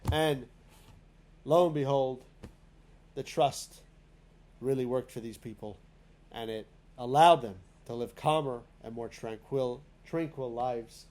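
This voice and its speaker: A man's voice: mid-range voice, slow, pauses often, a little mellow. A man teaching a spoken lesson in a synagogue class, talking in a conversational way full of fillers and restarts.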